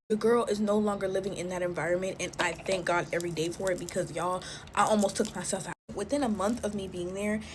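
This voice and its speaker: A woman's voice: medium pitch, background noise. A woman in her twenties chatting casually while making slime, drawling and filling her talk with "like" and "y'all". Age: 20s.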